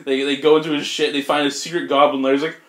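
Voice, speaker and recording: A man's voice: on the high side, little pitch movement, quick pace, roomy sound, background noise. A man co-hosting a casual podcast, retelling a comic plot with lots of fillers and acted-out lines. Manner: retells the plot with put-on dialogue, filler-heavy. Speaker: podcast co-host. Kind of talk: casual comic-book recap chat.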